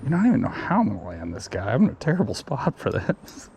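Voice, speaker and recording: A gravelly-voiced man vlogging as he fishes, his pitch swinging all over the place as he gets excited. He chats away casually and coos at the fish on his line, outdoors by a creek with faint noise behind him. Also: fast. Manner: excitable, chatty, talks to the fish. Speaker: fishing vlogger. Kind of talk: casual on-the-spot fishing vlog.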